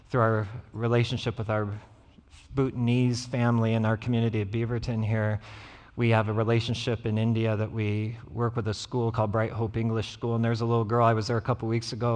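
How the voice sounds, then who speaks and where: This pastor's voice sits on the low side and sounds a little mellow. Preaching in a church sanctuary, he narrates stories and voices the people he quotes, and the audio has a church hall reverb.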